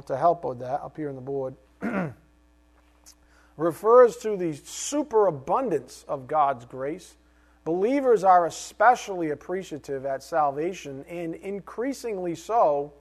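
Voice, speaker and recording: A middle-aged male pastor preaching a sermon, animated, with rhetorical questions and joking asides. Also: fairly high pitch.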